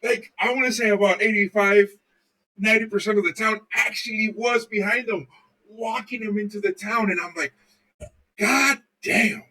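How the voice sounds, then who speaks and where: Far from the mic and in poor audio, a man speaks fairly quickly in a high-pitched, sharp voice with a steady tone. As a podcast co-host, he chats casually and rambles through profane, swear-filled stories.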